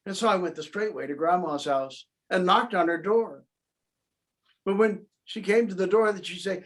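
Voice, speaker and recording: A man with a high-pitched voice speaks fairly quickly over a video call, telling the tale as the wolf in the first person. His tone is aggrieved and put-upon, and he does lively character voices.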